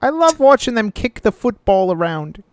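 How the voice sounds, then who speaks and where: A man's voice: sing-song, normal speed. A man putting on an exaggerated British accent as a jokey mock Englishman. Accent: put-on British. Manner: high cartoonish parody voice.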